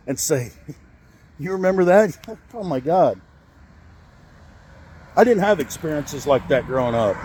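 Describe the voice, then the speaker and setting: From inside a car, a man in his forties vlogs about something personal in a medium-pitched, darkish, slightly rough voice. Upset and trembling with anger, he curses and rambles, leaning heavily on fillers.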